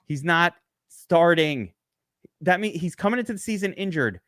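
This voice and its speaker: A man co-hosting a fantasy football podcast, talking in emphatic, animated, rapid-fire casual banter. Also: high voice, no room sound, clean studio sound.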